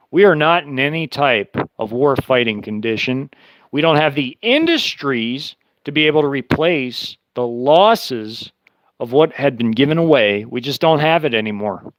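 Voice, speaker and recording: A man's voice: mid-range voice, lively intonation, normal speed, no echo, low-quality recording. A man hosting his own show, talking through events in an emphatic, repetitive, indignant way. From United States. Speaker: show host. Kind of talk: casual commentary monologue.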